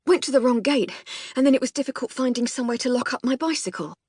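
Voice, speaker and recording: Brief: eager scruffy young man, panting and cheerful, husky, dry close read. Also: a little high, big pitch swings, moderate pace, no echo, voice pushed up. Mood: breathless eager. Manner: breathless, eager, apologetic. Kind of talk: audiobook character voice.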